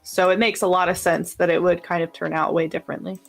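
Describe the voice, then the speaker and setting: A woman's voice: fairly low pitch, little pitch movement, quick pace, gravelly, soft background music. A woman co-hosting a casual podcast discussion, talking enthusiastically with lots of fillers. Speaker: podcast co-host.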